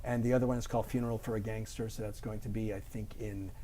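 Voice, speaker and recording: A man's voice: on the low side, little pitch movement, mellow, slight background noise. Joking Canadian man, guest impressionist. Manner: jokey, quick with punchlines. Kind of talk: casual interview chat.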